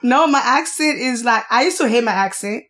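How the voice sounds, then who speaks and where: A woman's voice: on the high side, lively intonation, fairly bright tone. A young woman from Haiti with a Haitian accent, chatting frankly and playfully as a podcast guest. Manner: blunt, frank and playful, quick bursts. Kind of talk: casual chat.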